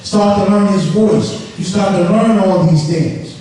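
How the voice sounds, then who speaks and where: A man's voice: sits high, a little slow, dark tone, a little hiss or hum. A man preaching a sermon with call and response, acting out voices for laughs. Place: large worship hall. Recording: echoey hall from far off.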